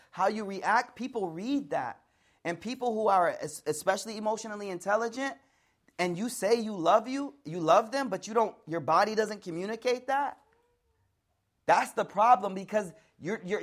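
African american guy preaching a lively talk, chatty, acts out little voices. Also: sits high. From United States. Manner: animated, conversational, acts out voices to show tone. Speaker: Islamic teacher. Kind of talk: lively religious lecture.

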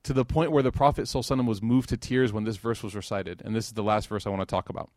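A man's voice: fairly low pitch, steady tone, racing, darkish tone, no room sound, clean studio sound. A man giving an informal sermon at a religious gathering, talking conversationally with joking asides and growing emotional over scripture.

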